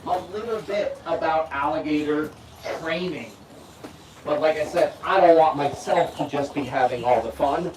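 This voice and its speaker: A man's voice: a little high, normal speed, distant mic, noisy background. A man handling alligators in an outdoor enclosure and chatting playfully to visitors as he coaxes the animals. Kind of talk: casual live demonstration talk.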